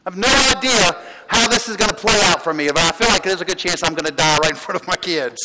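A pastor preaching a sermon in a church, talking in a chatty storytelling way, with restarts and laughs. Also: male voice, high-pitched, fast talker. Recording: long hall reverb, loud background noise.

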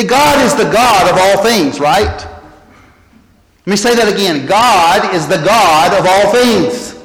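A man preaching a sermon as pastor, animated and repeating key phrases. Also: high-pitched. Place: church sanctuary. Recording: echoey church hall.

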